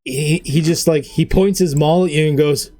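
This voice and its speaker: A man's voice: a little high, fairly even intonation, warm tone. A man running a tabletop game as game master, narrating with rambling asides. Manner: rambling, quick asides with fillers.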